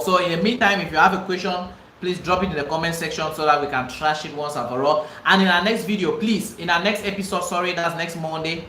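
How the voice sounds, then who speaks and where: A man with a Cameroonian English accent teaches a live online real estate class, emphatically repeating phrases for stress and adding pleading asides. His voice is a little high, bright, and forceful, recorded in low quality in an echoey room with slight background noise.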